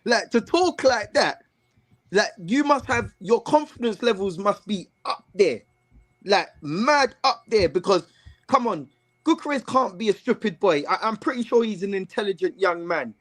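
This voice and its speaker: A man talks football in a loose, animated way, throwing in slang and circling back over his own words. His voice sits high for a man. The chat is relaxed and unscripted. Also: moderate pace. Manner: animated, heavy slang, repeats himself. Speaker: co-host.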